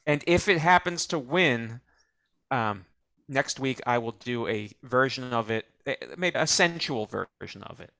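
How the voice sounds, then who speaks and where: A man co-hosting a comedy show, dry and rambling with hesitant fillers, pitching a clip. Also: animated, measured pace, sharp tone, no room sound. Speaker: co-host. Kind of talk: casual comedic chat.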